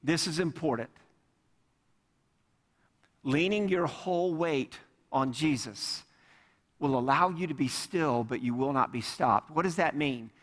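A man delivering a lively sermon, acting out the voices in the passage he reads. His voice sits a little high. The sound rings with the long reverb of a large hall. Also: a little slow, long pauses. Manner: animated, acts out voices of the people in the reading. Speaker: pastor.

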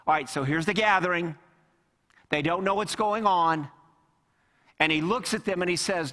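A male pastor with a fairly high voice delivers an emphatic sermon, leaning on repeated words and direct questions to the congregation. His voice rings out with a long reverb in a church sanctuary. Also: normal speed, long pauses, pushed and bright. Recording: long reverb of a large hall.

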